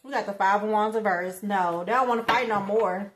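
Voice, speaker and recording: A woman's voice: mid-range voice, a little fast. A woman giving a casual tarot reading who talks bluntly and swears a lot, speaking straight to her viewers in slang. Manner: slangy, emphatic, bursts of laughter. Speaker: tarot reader.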